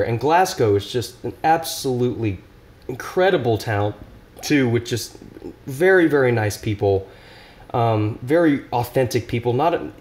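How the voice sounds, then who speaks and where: A man's voice: mid-range voice, darkish tone. A young man guesting on a podcast, talking casually, rambling with lots of restarts and laughter. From Nashville area, US. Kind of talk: casual chat.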